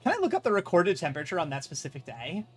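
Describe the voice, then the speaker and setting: A man's voice: high voice, huge pitch swings, very fast, a bit bright, slightly rough, faint music behind. A man running a tabletop role-playing game as game master, casual and rambling, swearing freely.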